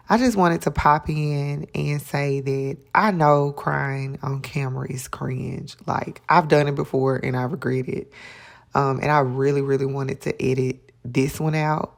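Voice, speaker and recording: A vlogger and adult mother with a deep, creaky voice tells her own story to camera. She's candid and chatty, filling her speech with lots of ums and likes.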